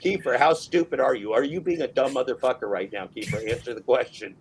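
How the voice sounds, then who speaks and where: A man running a livestream in a mock-serious, badgering voice, loud and profane as he fires questions. His pitch sits in an ordinary middle range. Faint background noise sits under his voice. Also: quick pace. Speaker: livestream host.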